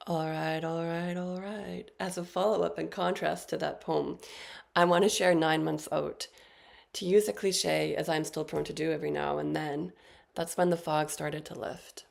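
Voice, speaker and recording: In this poetry reading, a woman in her thirties, the featured poet, speaks in a low, steady voice with vocal fry. She reads deliberately and at a measured pace, offering short introductions before each poem.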